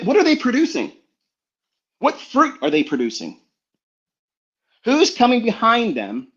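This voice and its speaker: A man lectures his listeners like a preacher, emphatic and swearing freely as he drives his point home. His voice sits a little high for a man. The sound is dull and lo-fi, like a live online audio room. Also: a bit bright. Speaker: trading mentor. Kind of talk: motivational talk on a live audio stream.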